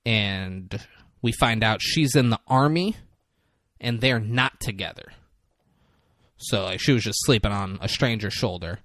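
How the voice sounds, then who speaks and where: A somewhat low male voice, a little slow, recorded dry and clean in a podcast studio. The co-host casually recaps a film, performing the characters' lines in animated, put-on voices.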